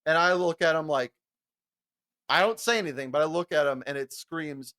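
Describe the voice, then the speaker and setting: A young man spins a profane, animated story on a podcast, laughing as he goes. His voice sits a little higher than most men's. He jumps between tones with plenty of energy. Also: moderate pace. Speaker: podcast co-host. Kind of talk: casual storytelling chat.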